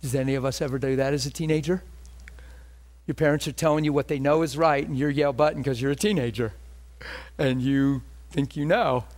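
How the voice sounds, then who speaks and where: A man preaching a sermon, animated, with quick asides and rhetorical questions. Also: medium pitch. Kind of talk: sermon with storytelling.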